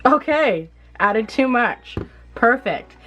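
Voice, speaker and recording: A young woman with a somewhat high voice chats her way through a home beauty tutorial. She laughs at herself and swears casually, keeping it loose and relaxed. Faint music plays softly behind her. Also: slow, highs cut off. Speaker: beauty vlogger. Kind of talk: casual DIY tutorial chat.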